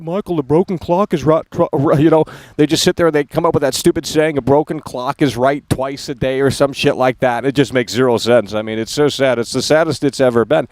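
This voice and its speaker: A man's voice: medium pitch, darkish tone, dry recording, rough recording. A man ranting in a video about games, scolding his viewers in a preachy, repetitive way. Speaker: gaming commentator. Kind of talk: ranting vlog commentary.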